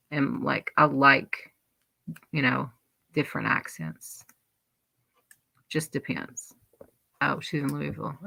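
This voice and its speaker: A woman's voice: deep voice, gravelly, sharp tone, a little hiss or hum. A woman with a Southern US accent hosting a livestream, chatting in a rambling, wandering way with lots of asides. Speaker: livestream host. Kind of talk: casual livestream chat.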